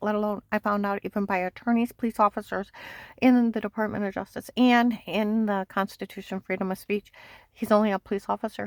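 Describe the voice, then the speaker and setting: A woman with a gravelly, fry-edged voice talks in a rambling, insistent monologue. She circles back to the same points and now and then sinks to a hushed near-whisper. The sound is dry and close, with no room around it. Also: medium pitch, dry recording. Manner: agitated, insistent, repeats herself. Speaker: vlogger.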